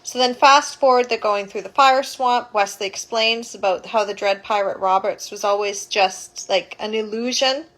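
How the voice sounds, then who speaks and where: A woman's voice: mid-range voice, normal speed, few pauses, fairly bright tone, rough recording. A woman, a childbirth educator, retelling a story casually, rambling and correcting herself as she goes.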